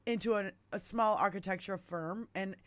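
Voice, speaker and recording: A woman in her fifties from the United States hosting a podcast, telling stories in an animated way and swearing freely. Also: mid-range voice, normal speed, no room sound. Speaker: podcast host. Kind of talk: casual chat.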